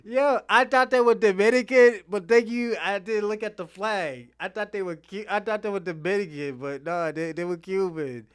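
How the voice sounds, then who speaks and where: A man's voice: high-pitched, moderate pace, few pauses, clean tone. A man hosting casual commentary on clips, laughing often and swearing freely. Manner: laughing often, profane, animated. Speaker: host.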